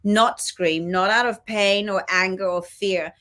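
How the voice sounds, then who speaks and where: Woman, co-host, earnest talk-show voice, mid pitch. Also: a little slow. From Australia. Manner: earnest, with lively quoted asides. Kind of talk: casual spiritual chat.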